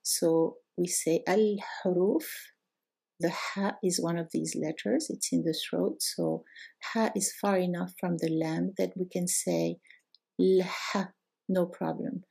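A woman teaching a lesson at a slow, unhurried pace, her voice low, mellow and gravelly. She explains each point patiently and stretches out the example words. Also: fairly even intonation. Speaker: Arabic teacher. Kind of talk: recorded language lesson.

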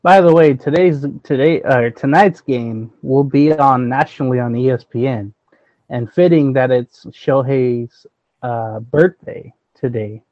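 A man chatting about baseball, pausing often with fillers as he works out his thoughts. His pitch is middling, and his voice comes through a dull, lo-fi mic with almost no room sound. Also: no echo. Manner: hesitant, many fillers, thinks aloud. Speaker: sports podcast co-host. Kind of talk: casual baseball chat.

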